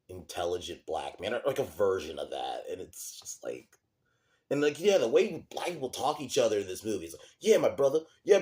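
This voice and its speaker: A man's voice: sits low, darkish tone. A young man giving a casual, sarcastic and profane movie review, full of fillers like "like" and "um". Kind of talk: casual ranting commentary.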